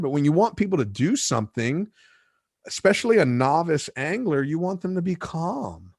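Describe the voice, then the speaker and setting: A man hosting a relaxed talk show, telling fishing stories in an easy, conversational way. He gets animated when he acts out the moments he recounts. The recording is close and dry, with no room echo. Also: on the high side, normal speed. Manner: animated storyteller, acts out shouts and quotes. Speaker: podcast host and fishing captain. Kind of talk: casual chat, storytelling.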